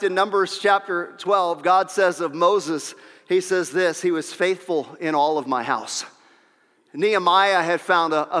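A man with a high voice preaching a sermon from a church pulpit, telling stories and repeating his key lines for emphasis. His words trail off into a long reverberation around the sanctuary. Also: a bit bright, clean tone. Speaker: pastor.

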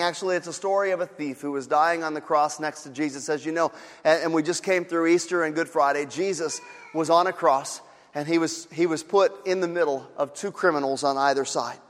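A male pastor delivers a sermon in a high, bright register, mixing casual asides with emphatic points. His words ring out with a long reverb from a large sanctuary. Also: fairly even intonation, brisk. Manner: conversational, emphatic preaching with rhetorical asides.

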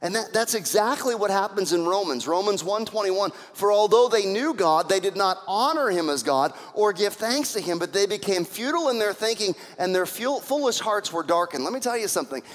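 A man preaching a sermon, telling scripture stories in an animated way and acting out the voices of the people in them. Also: high voice, a little fast, few pauses, big-room sound. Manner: animated storytelling with acted-out voices. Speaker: pastor.

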